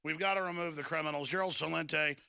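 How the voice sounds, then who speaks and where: A man's voice: fairly high pitch, steady tone, quick pace, gravelly, sharp tone, clean tone, no room sound. A man hosting a political talk show, speaking in an emphatic, indignant way with many fillers and restarts.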